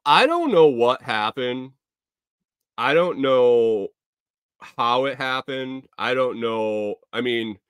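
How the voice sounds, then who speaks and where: A man's voice: lowish voice, clean tone, dry recording. Dry, close-sounding man telling a rambling story. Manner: profane, rambling, rising to loud exclaims. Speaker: podcast host. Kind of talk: casual storytelling monologue.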